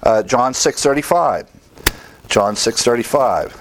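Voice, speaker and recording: A man's voice: medium pitch, animated, a little slow, poor audio. Emphatic male Bible teacher. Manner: emphatic, asks the listeners questions and answers them.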